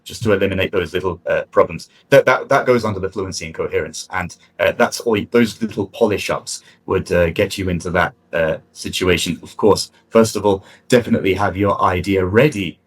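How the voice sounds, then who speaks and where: Husky low-voiced male examiner. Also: brisk, few pauses, rough recording. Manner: encouraging, conversational, frequent fillers and restarts. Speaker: IELTS speaking examiner giving feedback. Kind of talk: spoken feedback after a mock test.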